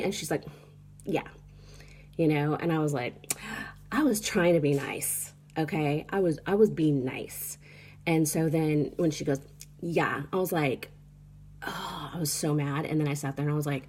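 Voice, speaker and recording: Low, mellow-voiced rambling woman. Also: normal speed, breathy edge. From United States. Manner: rambling, filler-heavy storytelling with frequent "like" and "you know". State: tired, sleep deprived. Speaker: vlogger. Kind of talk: casual travel vlog chat. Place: small apartment indoors. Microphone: phone.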